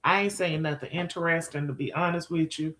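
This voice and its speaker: A woman's voice: sits low, a little fast, a bit bright. A woman chatting with viewers on a live stream, sassy and profane, calling people girl, child and honey. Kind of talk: casual live-stream chat.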